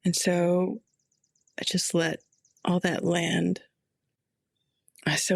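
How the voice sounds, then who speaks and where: Slow, reflective middle-aged woman storyteller. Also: lowish voice, level tone, creaky, no echo, clean studio sound. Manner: slow, reflective, quietly intense. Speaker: chaplain. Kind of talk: personal storytelling.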